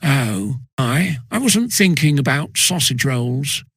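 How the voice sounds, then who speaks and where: Male reader voicing a greedy, stammering fat schoolboy; low, breathy, dry reading. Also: lively intonation, slow, fairly bright tone, dry recording, full character voice. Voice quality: stammering, flustered.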